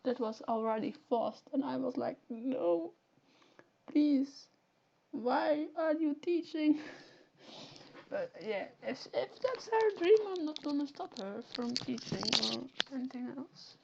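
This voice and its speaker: A young Flemish woman from Flanders, Belgium, whose first language is Dutch, chats casually and animatedly on a live stream, often correcting herself mid-sentence. Her high, gravelly, slightly mellow voice swings widely in pitch and moves a little slowly. The lo-fi stream audio carries a little hiss or hum.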